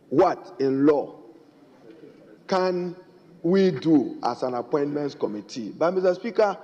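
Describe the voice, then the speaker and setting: A middle-aged Ghanaian-accented member of parliament delivers a formal, emphatic debate speech, repeatedly addressing the Speaker. His voice sits high and sounds warm. The broadcast from the large parliament chamber has a dull, reverberant quality.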